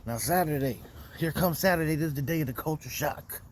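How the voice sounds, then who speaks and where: A man's voice: on the high side, fairly quick, slight background noise. A young man telling a weekend story as host, casual and profane, heated as he talks. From Florida. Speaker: podcast host.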